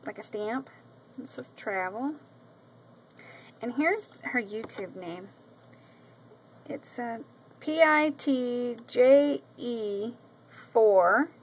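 Woman crafting vlogger, slightly high voice, chatty and effusive, loose casual delivery into the camera. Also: fairly bright tone, slight background noise, poor audio. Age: adult with a daughter. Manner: chatty, gushing, with many ums and repeats. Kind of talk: casual show-and-tell vlog. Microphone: camera mic.

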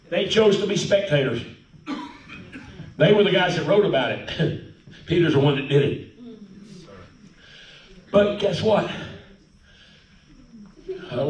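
Preaching at a measured pace with frequent pauses, a high-voiced pastor gives an animated, folksy sermon peppered with amens and hallelujahs. His words carry through an echoey sanctuary, captured from a distance.

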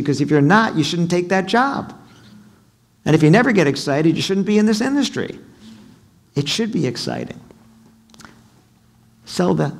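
Lively male seminar speaker. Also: a little high, creaky. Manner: animated, asks the audience questions, acts out quotes. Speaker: keynote speaker. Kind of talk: sales seminar talk. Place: hotel conference room.

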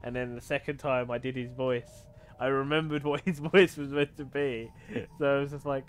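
A man's voice: mid-range voice, fairly even intonation, normal speed. A man streaming a video game, chatting casually with viewers, swearing freely and laughing often. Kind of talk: casual gaming stream chat.

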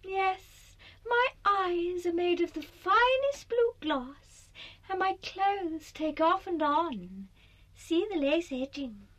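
A woman voicing a haughty, vain female doll who speaks in an imperious, disdainful drawl in an animated series. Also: very high voice, slow pace, exaggerated voice.

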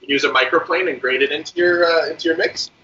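A man, a guest chef, explaining a recipe step by step in a relaxed way with many fillers. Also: fairly high pitch, fast, dull audio. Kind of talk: cooking demonstration.

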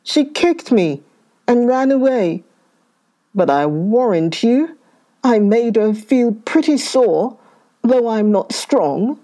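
A woman's voice: a little high, expressive, takes it slowly, dark tone, pitched above the performer's own voice. A woman voicing a weak but fierce male lion who growls and blusters in a storybook tale. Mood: growling.

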